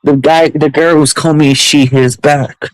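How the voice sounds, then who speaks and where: A man's voice: a little high, steady tone, moderate pace, dry recording, low-quality recording. A man streamer ranting heatedly on his livestream, repeating himself and restarting sentences.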